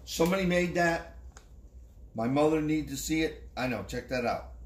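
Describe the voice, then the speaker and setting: A man's voice: fairly high pitch, moderate pace. A man chatting on a live stream, earnest and insistent in short remarks. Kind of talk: casual chat. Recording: roomy echo.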